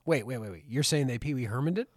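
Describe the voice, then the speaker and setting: A man's voice: medium pitch, expressive, fast, a little mellow, no echo, studio quality. A man co-hosting a film podcast, joking and reading out listener comments in casual chat. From maritime region. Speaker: podcast co-host.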